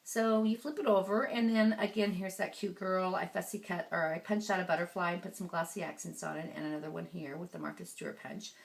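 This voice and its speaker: A woman crafter giving a casual show-and-tell of her handmade scrapbook album, chatty and relaxed, with frequent ums as she turns the pages. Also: on the low side, fairly quick, vocal fry, few pauses.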